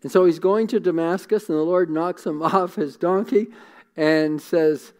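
A man's voice: fairly high pitch, unhurried, darkish tone. A man preaching a sermon in an earnest, conversational way, often repeating words as he thinks. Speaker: pastor.

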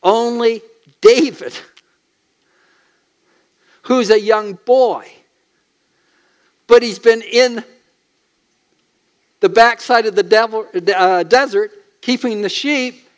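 A man's voice: very high-pitched, takes it slowly, long pauses. A man preaching a sermon in an emphatic way, asking the listeners questions as he goes.

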